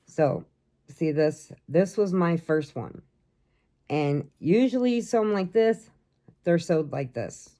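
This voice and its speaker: A woman's voice: fairly low pitch, animated, takes it slowly, dark tone. An older woman from the area, chatting casually and rambling to camera about her crochet and family, laughing often. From Chicago area. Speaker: crochet vlogger.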